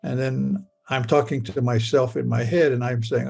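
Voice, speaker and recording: An older man from Michigan telling a personal story of nearly drowning, in a halting way that stumbles and repeats words as he relives it in the present tense. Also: mid-range voice, fairly even intonation, vocal fry, darkish tone, slightly rough, soft background music. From Michigan, USA. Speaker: interviewee recounting a near-death experience.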